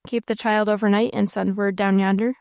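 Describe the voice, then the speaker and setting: A woman's voice: mid-range voice, little pitch movement, brisk, a little mellow, dry recording, dull audio, close to an everyday voice. Woman reading as a blunt country innkeeper. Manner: folksy rural dialect. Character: big red-faced country innkeeper, blunt and curious.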